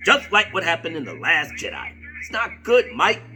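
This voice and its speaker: High, bright, profane ranting man. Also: normal speed, soft background music. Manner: profane, animated, slangy. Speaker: video commentator. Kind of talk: unscripted rant commentary.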